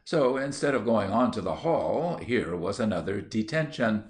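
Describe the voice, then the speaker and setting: A man reading a classic story aloud in a measured, literary narration. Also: on the low side, expressive. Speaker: audiobook reader.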